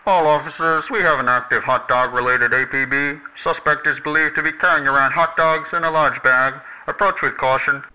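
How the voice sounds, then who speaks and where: A man's voice: on the high side, steady tone, normal speed, hardly any pauses, bright, forceful tone, clear, resonant tone, pitched above the performer's own voice, rough recording. A man voicing a nasal police dispatcher announcing over a radio in clipped, official tones. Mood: urgent.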